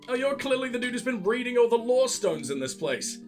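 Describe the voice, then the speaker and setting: A man's voice: very high voice, very animated, a little fast, faint music behind. A man commentating on his own gameplay, sarcastic and profane, mocking what he sees. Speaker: let's play host.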